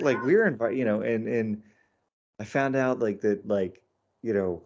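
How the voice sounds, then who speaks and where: A middle-aged American man, an author and comedian, chatting in an interview and telling animated stories with many fillers and restarts. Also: lowish voice, unhurried, lo-fi sound. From United States. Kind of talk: casual interview chat.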